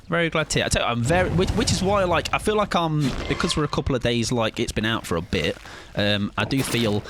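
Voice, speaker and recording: A man's voice: mid-range voice, noisy background. A man streaming a game live, chatting with his viewers in a casual, jokey way. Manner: chatty, jokey, reads chat aloud. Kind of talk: casual live-stream chat while gaming.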